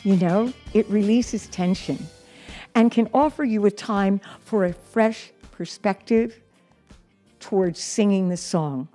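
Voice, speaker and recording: A woman's voice: medium pitch, warm tone, soft background music. A middle-aged woman teaching singing, speaking encouragingly and reading from her notes. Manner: slow, encouraging, reads aloud and sings examples. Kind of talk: singing lesson with demonstrations.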